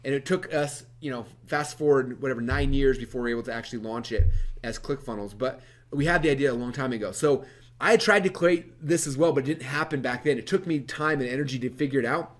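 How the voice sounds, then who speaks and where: A man presenting a webinar, telling his story to a live audience in a lively, animated way with many fillers. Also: medium pitch. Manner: energetic, animated, quick-talking with many fillers.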